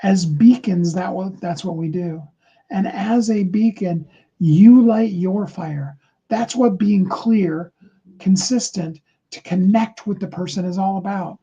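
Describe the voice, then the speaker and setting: A man's voice: high-pitched, slow, dark tone, slightly rough, lo-fi sound. A man giving a motivational livestream talk, speaking earnestly and encouragingly to his viewers. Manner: earnest, encouraging, acts out short sample dialogues.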